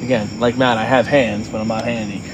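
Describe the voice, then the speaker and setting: A man's voice: medium pitch, flat delivery, brisk, background noise. A man co-hosting a podcast, telling rambling stories in casual chat, full of fillers and swearing. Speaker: podcast co-host.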